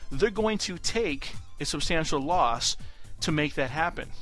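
A man co-hosting a casual gaming podcast, telling stories in a relaxed, chatty way with fillers. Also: a little high. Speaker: podcast co-host.

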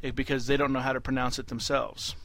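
A man co-hosting a casual gaming podcast, telling stories in a relaxed, chatty way with fillers. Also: medium pitch, fast. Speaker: podcast co-host.

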